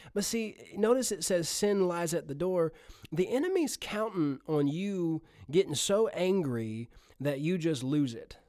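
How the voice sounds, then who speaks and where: A man's voice: fairly high pitch, a little mellow, no room sound, clean studio sound. A man preaching a sermon in an earnest, conversational way, often chuckling as he speaks.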